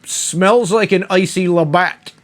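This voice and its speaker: A man's voice: high voice, takes it slowly. A man reviewing a beer in a casual, rambling monologue, mock-outraged and profane.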